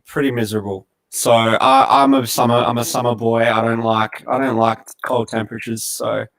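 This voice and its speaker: A man talking as a podcast guest, relaxed and easygoing, speaking in short phrases. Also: mid-range voice, moderate pace. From Australia. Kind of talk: casual podcast chat.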